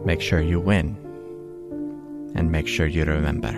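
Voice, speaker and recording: A man voicing an ancient male divine being, wry and knowing, who speaks in measured, sage-like counsel. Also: rumbling low, fairly even intonation, creaky, over loud music, voice pushed down, heavily acted. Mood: solemn.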